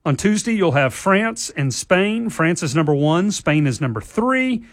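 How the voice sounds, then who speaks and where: A man's voice: sits high, very animated, a little slow, no echo, studio quality. A man hosting a casual sports talk show, reading the headlines and chuckling at his own slips. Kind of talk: casual sports radio chat.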